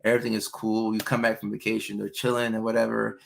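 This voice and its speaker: Man, young adult, gravelly voice, casual livestream host, chatty with many fillers. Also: lowish voice, level tone, fast talker, a little hiss or hum. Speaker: livestream host answering viewer questions. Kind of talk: casual live chat.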